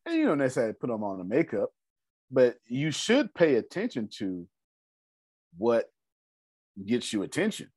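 Lively, laughing male coach. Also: mid-range voice, normal speed, long pauses, husky, no echo. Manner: lively, playful, laughs often. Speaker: host of a finance coaching call. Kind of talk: coaching group discussion.

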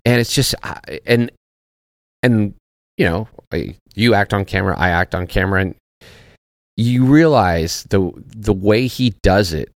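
A man's voice: lowish voice, measured pace, no room sound, clean studio sound. A man talking as a podcast guest in casual chat, laid-back and profane, searching for his words. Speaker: podcast guest, actor and former soldier.

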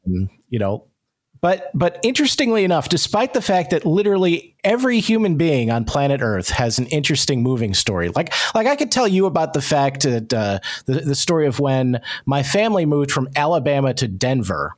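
A man's voice: medium pitch, big pitch swings, fairly quick, hardly any pauses. A man hosting a podcast, chatting casually and rambling with many fillers. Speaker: podcast host. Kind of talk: casual conversation.

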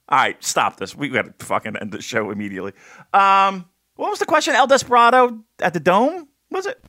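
An American man co-hosting a wrestling podcast in a casual chat, excitable and joking, cursing now and then. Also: sits high, a little fast. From United States. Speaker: podcast co-host.

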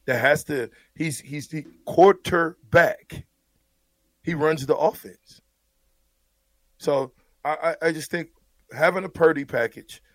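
A man's voice: mid-range voice, no room sound. Blunt former lineman talking football. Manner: blunt, emphatic, repeats words when worked up. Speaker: former player turned football analyst. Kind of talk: casual sports talk.

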